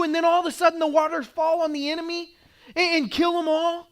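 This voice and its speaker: A man with an Oklahoman accent preaching a sermon from the pulpit. His voice sits very high for a man, and he tells stories with animated energy, acting out scenes and sometimes rising to a shout. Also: fairly quick. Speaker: pastor.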